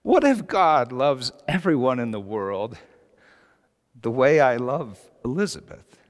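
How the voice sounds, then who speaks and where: Passionate middle-aged preacher in a reverberant hall. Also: male voice, medium pitch, very animated, measured pace. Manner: passionate, storytelling, rising to shouts. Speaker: pastor. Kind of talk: sermon.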